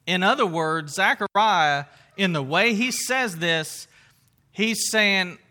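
A man giving a conversational Bible teaching, earnest and emphatic, often pausing on fillers and restarting phrases. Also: high voice, expressive, bright, forceful tone.

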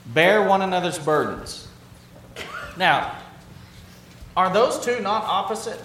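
A man's voice: high-pitched, lively intonation, slow, fairly bright tone, roomy sound, a little hiss or hum. A middle-aged man preaching a sermon in a conversational way, asking rhetorical questions and repeating phrases for emphasis.

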